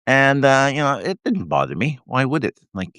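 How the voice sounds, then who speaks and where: A retired man in his sixties from Canada, rambling through casual self-deprecating chat on his live stream with a handheld mic, blunt and quick to laugh. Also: medium pitch, sing-song, fairly bright tone, dry recording, studio quality. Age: 60s. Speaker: host of a live video stream. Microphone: handheld microphone.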